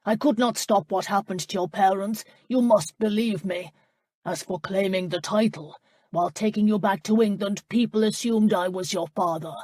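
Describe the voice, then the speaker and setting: A woman reading the lines of a deceitful aging man, defending himself in a measured way. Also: medium pitch, darkish tone, no room sound, close to an everyday voice. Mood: justifying. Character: deceitful aging man, former false lord.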